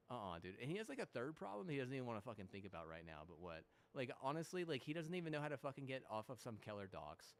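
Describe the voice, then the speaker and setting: A man's voice: medium pitch, sing-song, fast, hardly any pauses. Swearing young man rambling over gameplay. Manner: heavy swearing, frequent restarts and fillers; mocking mimicry of apologies. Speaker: gamer. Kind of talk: rambling gaming commentary.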